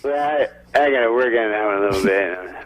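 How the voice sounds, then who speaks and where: A man telling animated comedy anecdotes in casual chat, acting out what others said. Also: fairly low pitch, a little fast, low-quality recording. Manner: animated anecdotes with quoted voices. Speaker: comedian guest.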